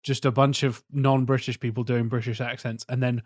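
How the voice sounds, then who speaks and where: Man, podcast co-host, rambling, casual swearing, middle pitch, dry close sound. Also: flat delivery, brisk, dry recording. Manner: rambling, swears casually, often trails off quietly. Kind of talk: casual film chat.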